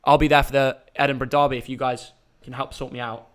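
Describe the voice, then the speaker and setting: A man's voice: mid-range voice, flat delivery, quick pace. A young man, hosting a casual live stream and chatting in a rambling, jokey way. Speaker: YouTube host.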